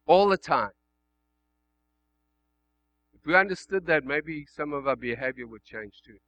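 A male pastor delivering a sermon, swinging between loud emphatic passages and hushed, quiet ones. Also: a little high, lively intonation, unhurried, rough recording.

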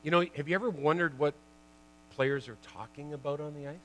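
Brief: older ex-athlete speaker, slightly raised pitch, rambling and chatty, laughs through his anecdotes. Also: fairly quick, slight background noise, low-quality recording. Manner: chatty, lots of "you know" and "like"; animated, laughs at his own stories. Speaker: former pro hockey player giving a talk. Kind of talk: storytelling talk to an audience.

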